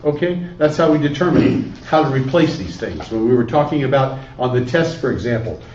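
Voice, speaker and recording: Coaxing Spanish teacher in an echoey classroom. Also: male voice, medium pitch, lively intonation, fairly quick, darkish tone, a little hiss or hum. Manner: questioning, coaxing students with repeated prompts. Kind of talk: classroom lesson. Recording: echoey room, distant lo-fi camera audio.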